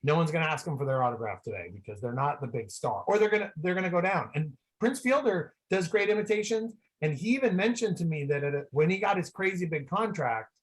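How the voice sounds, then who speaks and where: Excitable rambling man, slightly high voice. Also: fast, hardly any pauses. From San Francisco Bay Area. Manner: rambling, excitable, lots of "like" fillers. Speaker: guest. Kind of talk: casual storytelling. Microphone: video call.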